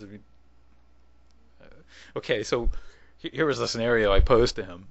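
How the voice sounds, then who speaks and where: A low-leaning, creaky male voice moves briskly but with long pauses, on lo-fi audio without echo. He's a video blogger giving a casual, rambling response, restarting and chuckling as he talks.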